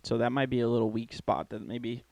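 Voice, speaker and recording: A man's voice: mid-range voice, flat delivery, fairly quick, gravelly, darkish tone, no echo. A man co-hosting a podcast, ranting in casual chat with lots of swearing and strong opinions. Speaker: podcast co-host.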